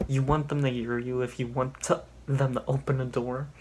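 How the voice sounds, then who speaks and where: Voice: mid-range voice, level tone, normal speed, a little mellow, slight background noise. Sarcastic young reader mocking an old story. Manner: sarcastic, exasperated asides. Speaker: youtuber reading an old story aloud. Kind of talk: mocking read-through with commentary.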